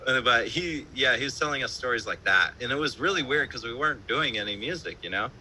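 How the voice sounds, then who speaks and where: A man's voice: mid-range voice, expressive, quick pace, bright, forceful tone, slight background noise, rough recording. A man, a band musician, telling stories in a casual interview over a live-stream call, loose and profane, full of fillers and laughter. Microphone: remote live-stream call.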